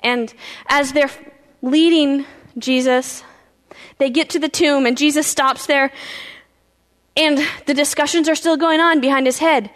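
A woman pastor telling a Bible story in a sermon, animated, acting out the characters' voices. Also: high-pitched, moderate pace. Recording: reverberant hall.

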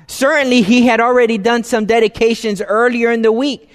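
A man preaching a sermon as pastor, talking conversationally and dropping into soft, hushed tones for emphasis. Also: very high-pitched, flat delivery, fairly quick. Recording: long hall reverb.

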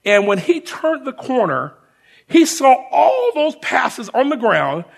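A man preaching a testimony as a lively story, speaking to the congregation as friends. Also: very high-pitched, takes it slowly, gravelly. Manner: animated storyteller, shouts the sergeant's lines. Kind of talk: sermon storytelling.

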